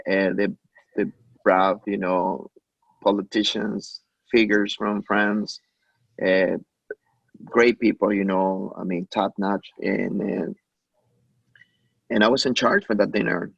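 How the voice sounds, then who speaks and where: A man from Mexico, a chef, telling stories in an interview, halting with restarts and acting out the lines of others. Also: fairly low pitch, level tone, vocal fry, breathy edge, dry recording, dull audio. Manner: anecdotal, acts out quoted dialogue, halting with many restarts. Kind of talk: conversational interview.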